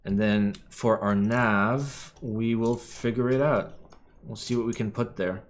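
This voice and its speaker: Young male streamer, low-pitched, worn out, rambly, cusses, keyboard clicks behind. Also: fairly even intonation, a little slow. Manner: rambling, swears casually, mutters to himself. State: tired. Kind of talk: casual live-stream chat while building. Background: keyboard clicking and typing.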